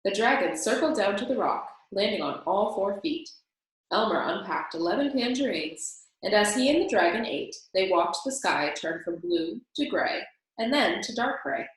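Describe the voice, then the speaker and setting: A woman reading a children's storybook aloud in calm, steady narration. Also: mid-range voice, moderate pace. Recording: very echoey room.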